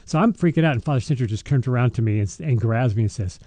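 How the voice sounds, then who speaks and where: A man's voice: medium pitch, lively intonation, quick pace, mellow, no echo. A middle-aged man, a deacon, telling stories in a casual faith podcast chat, rambling with many restarts. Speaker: deacon and show host.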